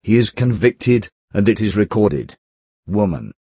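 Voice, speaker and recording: A man giving a steady, measured narrated reading of an old text, reading out the speaker tags. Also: fairly low pitch, breathy edge, no room sound, clean studio sound. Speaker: audiobook reader.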